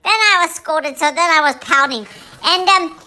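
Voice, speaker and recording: A woman's voice: high-pitched, moderate pace, bright, forceful tone. A woman voicing a sassy, pampered female French bulldog, telling a gossipy story with many ums. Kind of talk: storytelling pet vlog.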